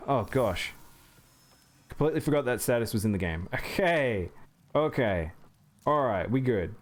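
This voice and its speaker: A man's voice: mid-range voice, expressive, moderate pace, pauses often. Male streamer, mid-range voice, talks through his game and greets chat. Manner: chatty, reacts to chat and thanks viewers. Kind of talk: live gameplay commentary.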